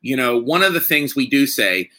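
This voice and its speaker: Male podcast host, thirties, bright tone, loose and rambling delivery with lots of restarts. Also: medium pitch, big pitch swings. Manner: rambling, halting, full of fillers and restarts. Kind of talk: casual conversation.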